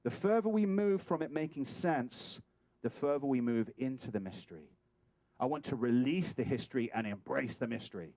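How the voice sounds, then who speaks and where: A man giving a sermon as a guest speaker, animated and playful, acting out little scenes as he talks. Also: medium pitch, normal speed, dry recording. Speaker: guest speaker at a spiritual center. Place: talk hall.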